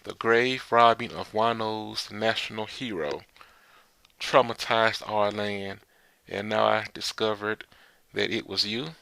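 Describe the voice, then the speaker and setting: A man's voice: lowish voice, steady tone, vocal fry, sharp tone, no echo, full character voice. A man reading as a stern old-fashioned samurai. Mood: indignant. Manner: slow, formal, old-fashioned phrasing. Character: stern adult male samurai with archaic speech.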